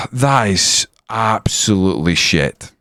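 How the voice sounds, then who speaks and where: Young streamer, potty-mouthed and volatile, smooth voice, dry close sound. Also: male voice, fairly low pitch, animated, takes it slowly, no room sound. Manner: swears constantly, yells at the match. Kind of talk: live game-stream commentary. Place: room at home with window open.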